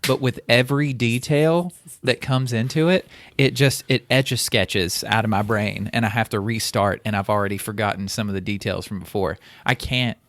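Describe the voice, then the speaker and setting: A man's voice: lowish voice, fairly even intonation, normal speed, fairly bright tone. A man co-hosting a casual podcast, curious and full of questions. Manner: curious, asks lots of questions. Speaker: podcast co-host. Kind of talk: casual chat.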